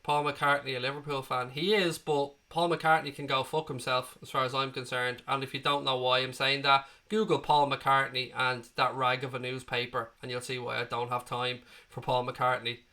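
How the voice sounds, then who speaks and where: Bright-voiced sweary young man. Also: medium pitch, flat delivery, normal speed, hardly any pauses. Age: 20s. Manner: blunt, sweary, banter with viewers. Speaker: football watchalong host. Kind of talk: live chat reading viewer comments.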